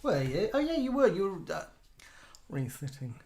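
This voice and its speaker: This man in his forties speaks in a high, very lively voice at normal speed, slightly mellow with a faint hiss or hum. He co-hosts a casual live online show, trading chatty, self-mocking anecdotes between viewer comments.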